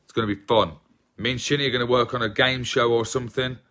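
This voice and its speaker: A man's voice: medium pitch, steady tone, quick pace, bright, forceful tone. An English man with an English accent chatting casually with viewers on a livestream, self-deprecating and rambling. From England. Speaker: livestream host.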